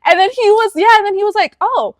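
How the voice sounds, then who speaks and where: A woman's voice: extremely high pitch, steady tone, fast talker, no echo, studio quality. A woman in her twenties, co-hosting a podcast and telling a personal story animatedly, slipping into the voices of the people she quotes. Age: 20s. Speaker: podcast co-host. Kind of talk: casual chat.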